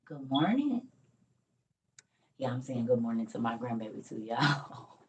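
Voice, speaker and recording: A woman's voice: very deep voice, little pitch movement, moderate pace, recorded from a distance, poor audio. An older woman, a grandmother, chatting in a morning vlog, tired and weak, telling stories and calling viewers y'all and honey. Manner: chatty storytelling, Southern Black vernacular, calls viewers y'all and honey. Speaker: vlogger. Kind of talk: casual morning vlog chat.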